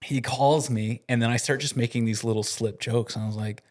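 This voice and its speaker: A man in a relaxed podcast chat who tells a story with lots of energy. His voice sits at an ordinary middle pitch and keeps bouncing along with his laughter. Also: brisk. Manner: animated, laughs while telling a prank story. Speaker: podcast co-host and company staff member.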